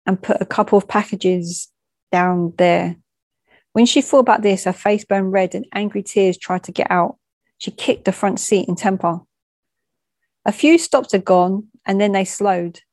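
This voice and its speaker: A woman's voice: medium pitch, a little mellow, dry recording. A woman telling a first-hand story in a frank, plain way, with conversational asides and small stumbles.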